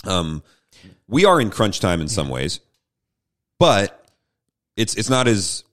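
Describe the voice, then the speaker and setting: Deep-voiced wry male podcast host. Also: very animated, slow pace, a bit bright. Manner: wry, dry jokes, steers the discussion. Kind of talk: casual Bible discussion chat.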